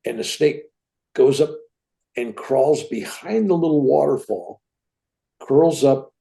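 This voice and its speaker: A man in his seventies, a guest telling a personal story in an animated way, often tagging his sentences with "right?". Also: mid-range voice, takes it slowly, gravelly. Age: 70s. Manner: animated, tag questions like "right?".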